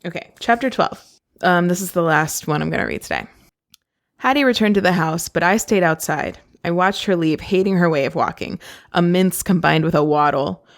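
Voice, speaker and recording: A woman podcast host reading a novel aloud and breaking off with gushing, excitable asides. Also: on the low side, normal speed.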